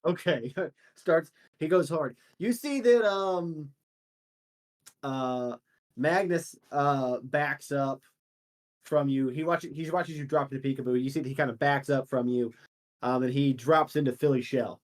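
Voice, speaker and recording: A man narrating as dungeon master, unhurried and laughing easily, with fillers between descriptions. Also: mid-range voice. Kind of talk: narrating a tabletop game.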